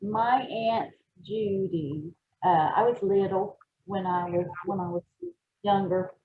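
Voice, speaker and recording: A woman's voice: mid-range voice, steady tone, slow pace. A woman with an Oklahoma accent answering interview questions with short replies and frequent giggles. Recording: dull lo-fi sound.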